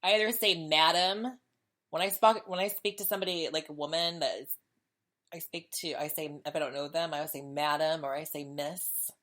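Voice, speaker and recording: A woman's voice: deep voice, steady tone, moderate pace, fairly bright tone. A woman hosting her own podcast, talking candidly and chattily in a casual solo monologue, often repeating herself as she goes. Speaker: podcast host.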